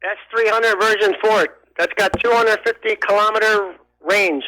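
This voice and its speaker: A man's voice: high voice, steady tone, moderate pace, sharp tone. A man from New Jersey calling in to a radio show, chatting and speculating. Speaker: radio caller. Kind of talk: phone-in call. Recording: tinny phone line.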